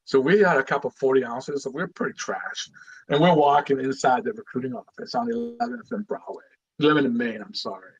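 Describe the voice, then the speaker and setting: A middle-aged man from Guatemala, a retired Marine telling his story as a guest in a casual podcast interview, animated and full of "you know"s. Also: mid-range voice, a little fast, breathy edge, muffled recording.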